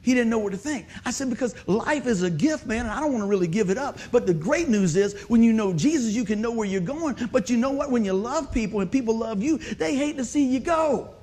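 A man's voice: extremely high pitch, expressive, a little fast, few pauses, a little mellow, slightly rough. A man preaching a sermon, telling a folksy story and joking with the congregation. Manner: folksy, conversational, joking with the audience.

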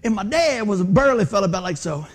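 A pastor with a high voice preaches in an animated, storytelling style. He drops to hushed asides, then bursts into excited exclamations. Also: quick pace. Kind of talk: lively storytelling sermon.

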